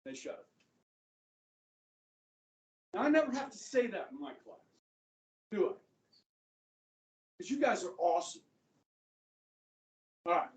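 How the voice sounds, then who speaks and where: A high school government teacher in his fifties lecturing a class in a chatty way, often checking in with the students. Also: very animated, unhurried, pauses often. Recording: echoey classroom from far off.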